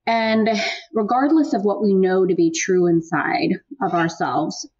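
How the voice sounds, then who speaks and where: A woman hosting a podcast, asking thoughtful questions in an animated, affirming way. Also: mid-range voice, a little slow, husky, lo-fi sound. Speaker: podcast host. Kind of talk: interview questions.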